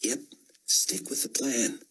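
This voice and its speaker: A man voicing a stern young woman who poses as an officer and barks sharp, scolding orders. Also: slow pace, low-quality recording. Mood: terse.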